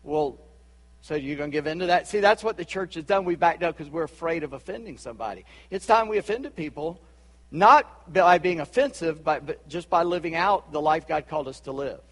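A man with a Charleston Southern accent preaching a sermon as a pastor, chatty with asides and quick laughs. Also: a little high, fairly bright tone, in a large hall. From Charleston, South Carolina.

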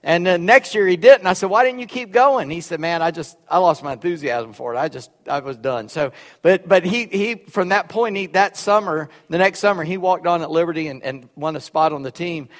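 A man's voice: a little high, brisk, a bit bright, long reverb tail. A man preaching a sermon, telling a folksy story with repeated words and restarts. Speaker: pastor.

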